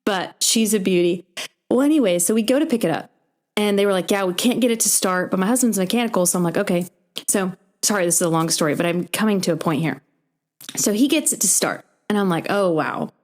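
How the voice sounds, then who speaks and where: On her podcast, a young woman with a mid-range voice talks a little fast as she animatedly recounts a long story in a casual style, imitating the voices of the characters she describes.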